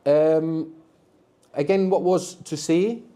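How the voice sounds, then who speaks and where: A man's voice: a little high, fairly even intonation, slow, dark tone. A man teaching a live beginners' language workshop, patiently explaining and prompting students to answer.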